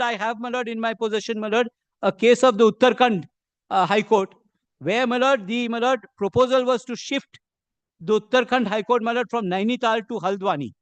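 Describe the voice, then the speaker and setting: A middle-aged man with an Indian English accent arguing before a court as an advocate, halting and constantly addressing the bench, with pointed rhetorical questions. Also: extremely high pitch, a bit bright, no room sound. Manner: halting, peppers every phrase with "my lord". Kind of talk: courtroom legal argument.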